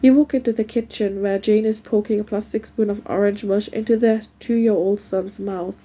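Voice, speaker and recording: A woman's voice: medium pitch, steady tone, moderate pace, warm tone. A woman reading a novel aloud in a casual, unpolished way, stumbling and restarting now and then, recorded at home. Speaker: reader.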